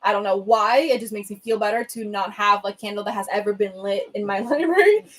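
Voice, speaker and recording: A woman's voice: medium pitch, brisk. A young woman chatting casually with viewers on a livestream, rambling and humming between thoughts, recorded on a laptop's built-in mic at home. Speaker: livestreamer answering viewer comments. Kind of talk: casual chat. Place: home room with a bookshelf. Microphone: laptop built-in webcam mic.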